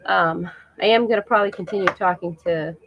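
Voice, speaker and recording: A woman's voice: on the low side, fairly quick, gravelly, muffled recording. A middle-aged woman chatting casually and emotionally on a live stream to her viewers, laughing often.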